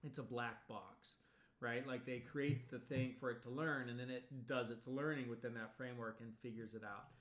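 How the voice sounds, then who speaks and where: A man's voice: mid-range voice, fairly even intonation, moderate pace, fairly bright tone. A male college instructor giving a recorded video lecture in a loose, rambling way, full of fillers and restarts. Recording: echoey room.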